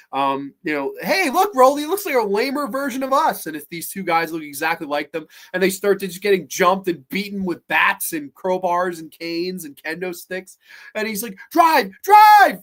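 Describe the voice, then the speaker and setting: Profane, animated man recapping movies. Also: on the high side. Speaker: podcast host. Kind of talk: casual movie chat.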